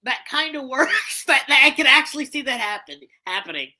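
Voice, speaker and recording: Casual woman co-host, brash and profane, high bright voice. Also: brisk. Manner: blunt, profane, animated. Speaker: podcast co-host. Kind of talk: casual chat about voice casting.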